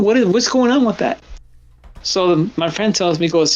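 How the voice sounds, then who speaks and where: High-voiced guy telling stories on stream, acts out his buddies, kinda dull lo-fi sound. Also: normal speed. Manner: animated, acts out friends' lines. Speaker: stream host. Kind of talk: casual storytelling.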